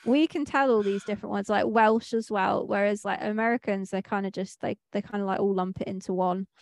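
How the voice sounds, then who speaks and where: A woman's voice: medium pitch, fairly even intonation, a little fast, vocal fry, darkish tone, no room sound, studio quality. A woman from Manchester co-hosting a podcast, chatting casually and rambling with lots of fillers and restarts. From Manchester, England. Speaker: podcast co-host. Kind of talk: casual chat.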